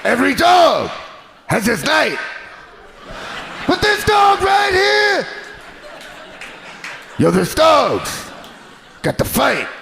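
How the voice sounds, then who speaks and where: A hard-edged male rapper, intense and ready to fight, as a stand-up comic puts him on. He barks every line in a shout, his voice pushed far above its normal register and lurching wildly in pitch. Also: huge pitch swings, drawn-out words, vocal fry, pauses often, roomy sound, a crowd in the background, background noise, heavily acted. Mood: barking hype. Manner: barking, shouted delivery.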